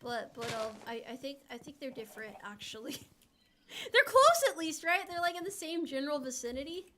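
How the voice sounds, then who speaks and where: A woman's voice: high voice, a little fast, a bit bright, a little hiss or hum. A woman from the United States streaming a game, chatting casually and playfully, often giggling and reading out chat messages. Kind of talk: casual live-stream chat while gaming.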